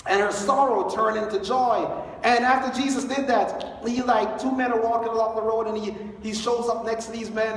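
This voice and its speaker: A high-voiced man preaches from a church stage, retelling a story with lively, joking asides. His voice carries from a distance through a big church hall with a long, echoing reverb. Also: slight background noise. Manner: animated, storytelling with playful asides. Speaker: pastor. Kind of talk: Easter sermon. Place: large church sanctuary.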